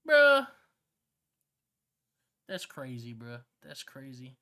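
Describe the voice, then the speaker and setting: A streamer chatting casually with viewers on a live stream, slangy and excitable, swearing often and laughing a lot. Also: mid-range voice, unhurried. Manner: slangy, swears a lot, keeps saying "bro". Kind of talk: casual livestream chat with viewers.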